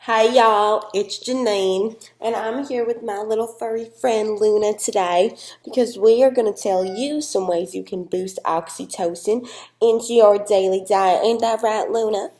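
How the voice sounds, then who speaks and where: A woman's voice: medium pitch, fairly even intonation, a little slow, darkish tone, natural voice. A young woman playing a chatty, folksy expert from the American South with a Southern accent, rambling and talking to her dog, in an echoey room. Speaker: guest expert in a mock news segment.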